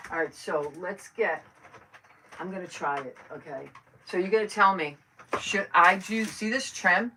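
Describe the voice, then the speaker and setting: Low-voiced chatty woman crafting live. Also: unhurried, sharp tone. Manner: chatty, rambling, greets viewers by name. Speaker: crafting livestream host. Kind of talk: casual chat while crafting live. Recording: voice a bit far from the mic, faint noise.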